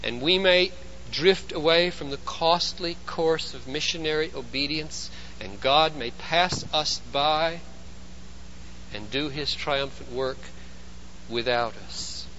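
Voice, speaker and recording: Emphatic high-voiced male preacher. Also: takes it slowly, dull audio, slight background noise. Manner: emphatic, swings between loud and hushed. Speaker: pastor. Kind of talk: sermon.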